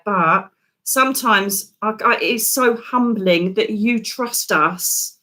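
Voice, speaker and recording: A woman's voice: mid-range voice, a bit bright. A woman psychic medium, hosting live readings in an emotional, affectionate way. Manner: emotional, affectionate, says darling.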